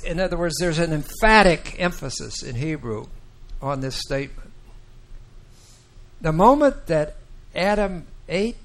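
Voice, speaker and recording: With a voice pitched a little high, this man puts questions to his Bible class as he explains the verses in a deliberate, emphatic manner.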